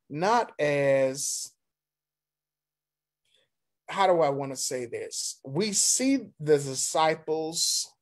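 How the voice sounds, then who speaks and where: A man, a pastor, teaching a Sunday school Bible lesson, reading scripture aloud and explaining it in a deliberate, halting way with pauses and restarts. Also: a little high.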